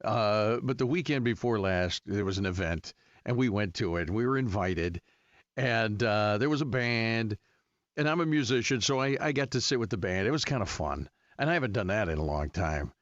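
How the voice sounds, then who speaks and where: A man's voice: on the low side, moderate pace, dry recording, highs cut off. A middle-aged man hosting radio chat, joking and teasing playfully. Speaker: radio host.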